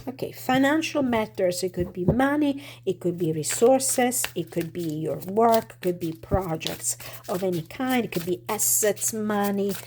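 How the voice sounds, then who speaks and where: Woman tarot reader, casual and thoughtful, a bit hoarse, faint noise under the voice. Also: mid-range voice, lively intonation, measured pace, warm tone. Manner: thoughtful, many fillers and restarts. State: slightly hoarse, clearing throat.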